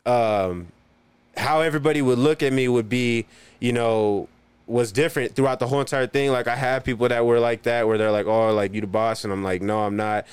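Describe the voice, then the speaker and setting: A man's voice: medium pitch, a little fast, clean tone, dry recording. A man talking casually as a podcast guest, laid-back, filling his talk with "you know" and "like". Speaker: guest, local performer.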